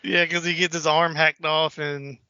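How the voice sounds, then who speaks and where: A man's voice: a little high, level tone, normal speed, pushed and bright, clean tone, no echo, lo-fi sound. A man co-hosting a podcast, loosely retelling film scenes in casual chat and swearing freely. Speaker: podcast co-host.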